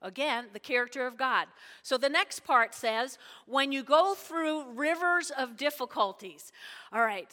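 A woman delivers a sermon with a high, bright voice that rings through a reverberant hall. She preaches in an emphatic, conversational way, often pausing to check in with her listeners.

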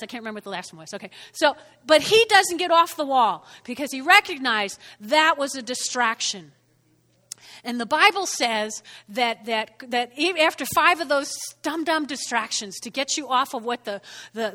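A woman preaching an animated sermon, calling out to the congregation and repeating her phrases. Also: high voice, moderate pace, big-room sound. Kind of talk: lively sermon.

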